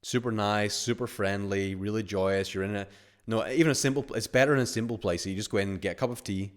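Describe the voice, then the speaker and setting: A man's voice: lowish voice, quick pace. A man hosting a webinar as a money-mindset coach, talking casually in a rambling, filler-heavy way and acting out little scenarios.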